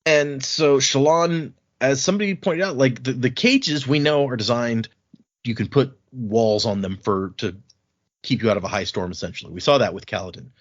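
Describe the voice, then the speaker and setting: A man hosting a casual book podcast, recapping chapters and slipping into quick voices for the characters. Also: mid-range voice. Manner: retells scenes with quick put-on voices for characters. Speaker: podcast host. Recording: dull lo-fi audio.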